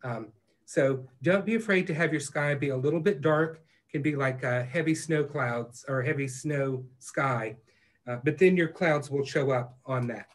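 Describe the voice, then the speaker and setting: A man teaching a live online painting class, talking in a relaxed, reassuring way with plenty of fillers. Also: medium pitch, moderate pace. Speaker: painting instructor.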